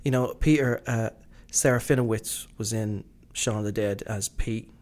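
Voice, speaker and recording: A man's voice: on the low side, moderate pace, a little mellow. Rambling, enthusiastic British man chatting. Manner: rambling, enthusiastic, many fillers and restarts. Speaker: podcast co-host. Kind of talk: casual chat.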